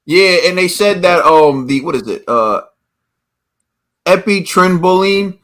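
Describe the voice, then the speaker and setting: A man's voice: high-pitched, animated, measured pace, fairly bright tone. Casual man hosting a boxing podcast. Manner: casual, hesitant over hard words. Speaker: podcast host.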